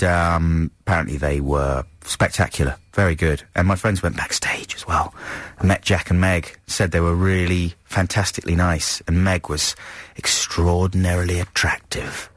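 Brief: male radio DJ, deep voice, dry close studio sound, rambling and self-mocking. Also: a bit bright, no room sound. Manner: rambling, self-deprecating, chuckling. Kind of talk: casual radio chat. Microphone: studio microphone.

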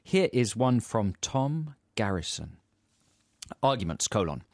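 A man's voice: on the low side, very animated, slow, darkish tone, dry recording. A man co-hosting a casual comedy show, laughing and reading listener jokes aloud in a studio. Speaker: radio podcast co-host.

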